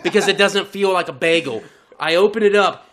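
A man's voice: high voice, a little fast, heavy background noise. A man co-hosting a podcast in casual chat, telling a story in a profane way and often laughing as he talks. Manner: profane, animated, laughing through his own story. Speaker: podcast co-host.

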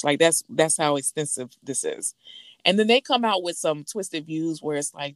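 Animated woman with a low voice. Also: normal speed, no echo, studio quality. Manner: animated, acts out quotes with big pitch jumps. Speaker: podcast co-host. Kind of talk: casual chat about a reality show.

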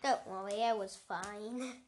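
A woman's voice: medium pitch, steady tone, slow pace, a little hiss or hum. A woman reading a comic story aloud, with small stumbles and restarts.

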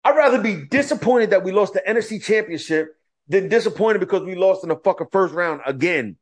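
A podcast co-host with a fairly high, slightly quick male voice trades stories in casual conversation. He's animated and profane, swearing freely and acting out quoted exchanges in different voices.

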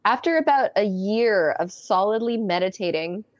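A woman's voice: medium pitch, lively intonation, moderate pace, no room sound. A woman in her early thirties tells a personal story as an interview guest. She is chatty and giggles often, and she restarts her sentences and says "like" a lot. The audio is dry and a little dull. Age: early 30s.

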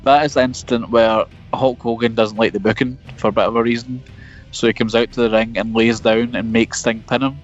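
A man's voice: mid-range voice, flat delivery, fairly quick, soft background music. A man, co-hosting a podcast from his car, rambling and joking at himself. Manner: jokey, rambling, laughs at himself. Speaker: podcast co-host. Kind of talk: casual chat about wrestling history. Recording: dull lo-fi remote audio.

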